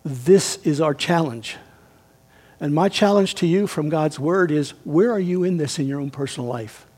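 A man preaching a sermon as pastor, emphatic and swinging between raised and hushed delivery. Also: on the high side, moderate pace, husky.

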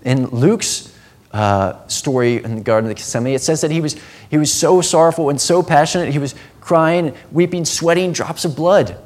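A man preaching a sermon, earnest, dropping to a hushed tone and then rising to emphatic passages. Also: mid-range voice.

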